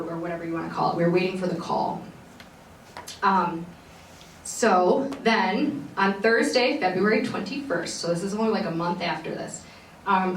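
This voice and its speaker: A young woman tells a heartfelt personal story in an earnest, rambling way, full of fillers and restarts. Her voice sits a little low and reaches the mic from a short distance. The room adds a noticeable echo, and a faint hiss runs under it. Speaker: podcast host. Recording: roomy echo, voice a bit off-mic, faint background noise.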